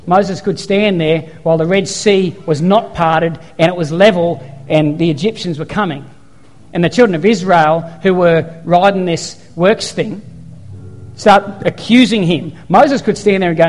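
In a big-sounding room, a man with a high-pitched, unhurried voice delivers a sermon as a pastor. His preaching mixes storytelling with acted-out quotes and emphatic repetition that drives each point home.

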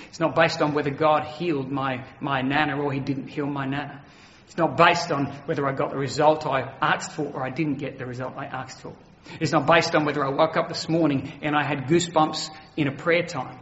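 Brief: man, high-pitched pastor, earnest emphatic sermon, roomy dull hall sound. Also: a bit bright. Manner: earnest, emphatic preaching with slowed stresses.

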